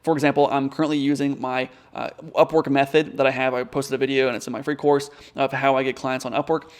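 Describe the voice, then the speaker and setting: Rapid-talking man giving business advice. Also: mid-range voice, little pitch movement. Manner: rapid, direct, conversational. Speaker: online business coach. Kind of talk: casual advice vlog.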